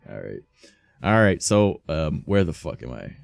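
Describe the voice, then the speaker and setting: A man streaming while reading fan fiction aloud, adding profane, deadpan asides in a slightly sore voice. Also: a bass voice, a little slow, vocal fry, no echo.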